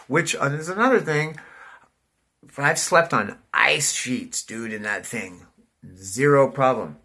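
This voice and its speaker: A man's voice: medium pitch, lively intonation, takes it slowly, pushed and bright. A man in his forties from California, rambling casually to the camera, swearing and saying "dude" constantly. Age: 40s. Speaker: vlogger.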